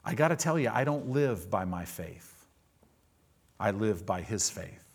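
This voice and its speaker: Animated male pastor preaching a sermon. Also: on the low side, unhurried, slightly rough. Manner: animated, swings between soft asides and loud acted-out quotes. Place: church sanctuary.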